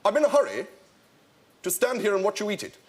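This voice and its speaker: A man's voice: sits high, huge pitch swings, a little fast. A man playing a posh whimsical art critic. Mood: deadpan whimsical. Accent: posh southern English. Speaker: comedy sketch actor.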